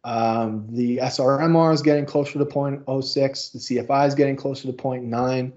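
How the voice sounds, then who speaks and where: A male instructor explains statistics in a casual recorded lecture walkthrough with informal asides. His voice sits at a middle pitch. The recording is dull and lo-fi. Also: steady tone, moderate pace, darkish tone.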